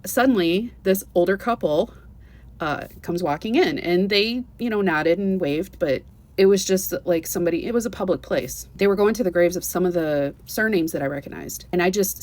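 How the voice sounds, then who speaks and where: Vlogger from the US: a woman with a lowish voice who talks through her own story earnestly and eagerly, often restarting her sentences. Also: normal speed. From United States. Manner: earnest and animated, with many restarts and "you know"s. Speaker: vlogger telling a travel story. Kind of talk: casual personal storytelling.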